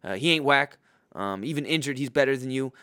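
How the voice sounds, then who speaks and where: A man's voice: medium pitch, lively intonation, fairly quick, sharp tone, dry recording, clean studio sound. A man giving football picks in a profane, rambling casual rant, full of fillers and restarts. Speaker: host making football picks.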